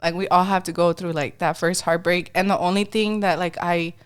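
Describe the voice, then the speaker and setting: A woman's voice: on the low side, little pitch movement, fairly quick, clear, resonant tone. A woman co-hosting a podcast in casual chat, laid-back, saying "dude" a lot and mixing in Spanish. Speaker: podcast co-host.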